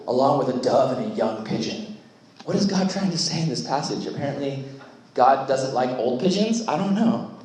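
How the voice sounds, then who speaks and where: A young adult man giving a casual, jokey youth sermon as youth pastor, acting out quotes along the way. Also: a little high. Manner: chatty, jokey, acts out quotes. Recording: very echoey room.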